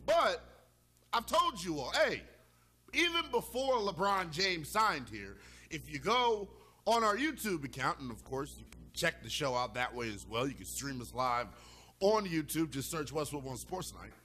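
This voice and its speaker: Sports radio host, male, high bright voice, big swings in pitch, emphatic rant to listeners. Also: moderate pace. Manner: animated, emphatic, fired-up arguing; talks straight to listeners. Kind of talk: sports talk radio monologue.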